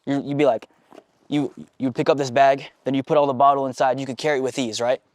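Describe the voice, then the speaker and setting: A man's voice: medium pitch, little pitch movement, fast talker, dry recording, clean studio sound. A man leading a sales team meeting, talking bluntly with constant swearing and acting out bits of dialogue. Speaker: sales trainer. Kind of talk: profane motivational team talk. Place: meeting room with a small group.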